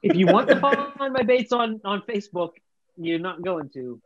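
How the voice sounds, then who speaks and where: A man's voice: high voice, expressive, normal speed, dull audio, over a noisy crowd. A man talking casually as a guest bait maker, rambling with many restarts. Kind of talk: casual podcast chat.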